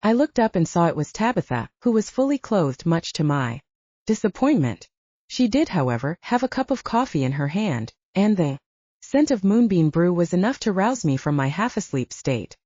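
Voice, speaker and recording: A woman with a low, warm and mellow voice reads first-person audiobook narration, with lively shifts in pitch. The recording is dry and slightly dull. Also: moderate pace, no echo.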